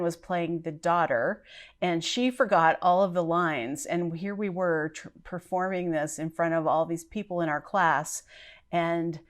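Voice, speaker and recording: A woman chatting casually to camera as a book vlogger, thinking aloud as she answers each prompt. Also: fairly low pitch. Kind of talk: casual chat.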